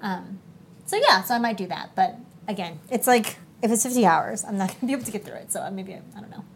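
A woman's voice: mid-range voice, sing-song, fast, a little hiss or hum. A woman co-hosting a podcast, chatting casually with frequent fillers and a playful streak. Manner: hesitant, lots of fillers, playful. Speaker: podcast co-host. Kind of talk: casual chat about video games.

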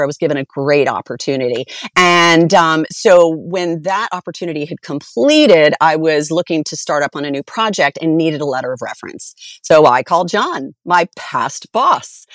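Animated middle-aged woman telling her story. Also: on the low side, no echo, clean studio sound. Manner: animated, acts out quoted dialogue. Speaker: podcast guest. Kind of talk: personal storytelling.

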